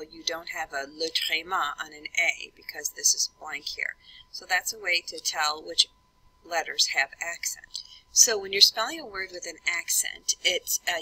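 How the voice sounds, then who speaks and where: A woman teaching a classroom lesson, slowly and deliberately spelling out letters one at a time. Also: lowish voice, pushed and bright, breathy edge, dry recording, rough recording. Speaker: French teacher.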